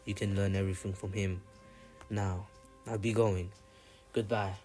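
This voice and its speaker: Tender older brother ninja, earnest, low voice, as a man reads him, faint music. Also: level tone, a little slow, warm tone. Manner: earnest, tender, repeats goodbyes. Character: loving older brother ninja saying farewell.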